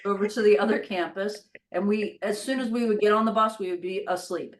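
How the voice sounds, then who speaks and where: A middle-aged woman recalling her college rugby days, telling stories in a relaxed, unhurried way. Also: mid-range voice, rough recording. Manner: relaxed, unhurried storytelling, drops softer at line ends. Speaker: interview guest, former college rugby player. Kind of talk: casual reminiscing conversation.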